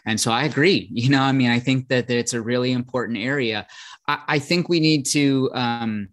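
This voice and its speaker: Chatty man with halting restarts. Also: mid-range voice, fairly bright tone. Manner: thoughtful, repeats words, frequent "you know". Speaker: podcast guest, cannabis educator. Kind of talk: casual conversation.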